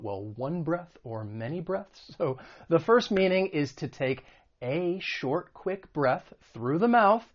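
Man teaching English words. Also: medium pitch. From United States. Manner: clear, patient, models words slowly. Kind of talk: vocabulary and pronunciation lesson. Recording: dull lo-fi recording.

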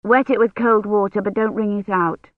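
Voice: mid-range voice, fairly even intonation, moderate pace, dry recording, natural voice. A reader voicing a young woman caring for a sick man, practical and urgent in her words, in a dull, dry recording.

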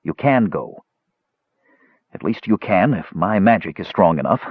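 A man's voice: sits low, expressive, unhurried, slightly rough, no room sound, phone-quality sound, heavily acted. A man voicing an earnest, defiant male mage who speaks in an impassioned, pleading way.

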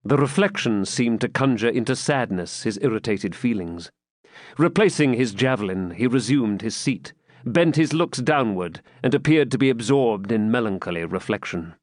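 A man narrating a classic novel as an audiobook in a measured, dramatic way. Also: mid-range voice, expressive, no room sound, studio quality.

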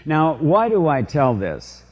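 An older man preaching as a priest, weaving stories and confessions with rhetorical questions to his listeners. His voice sits a touch high for a man. The lo-fi recording sounds dull, with a long reverb trailing each phrase. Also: very animated, takes it slowly, darkish tone. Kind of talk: sermon.

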